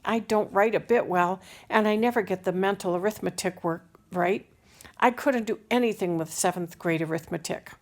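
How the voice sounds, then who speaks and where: Anxious, earnest little storybook schoolgirl, read by a woman, slightly gravelly. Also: medium pitch, normal speed, close to an everyday voice. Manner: anxious and confessing.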